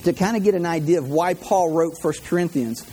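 Chatty high-voiced preacher. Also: male voice, fairly quick, dark tone, husky. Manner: chatty, repeats words, jokey asides. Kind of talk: humorous sermon.

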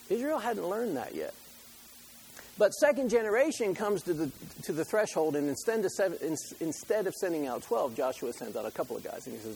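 A man's voice: a little high, very animated, brisk, creaky, a little mellow, breathy edge, poor audio. A middle-aged man preaching a sermon in a conversational, joking way, full of rhetorical questions. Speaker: pastor.

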